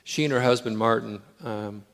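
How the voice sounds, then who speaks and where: A man preaching a sermon, moving between loud, emphatic declarations and hushed, intimate storytelling. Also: mid-range voice, normal speed. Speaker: pastor.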